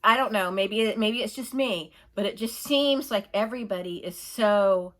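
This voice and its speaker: A vlogger rants in a casual opinion monologue, rambling and exasperated, laughing as she tells stories and mimicking others in whiny put-on voices. Her voice is medium-pitched at a normal speed.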